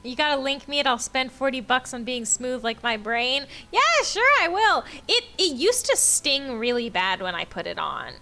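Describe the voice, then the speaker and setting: A woman's voice: sits high, big pitch swings, moderate pace, hardly any pauses, sharp tone. A young woman streaming a game, joking and teasing in casual banter. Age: young adult. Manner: giggly, teasing.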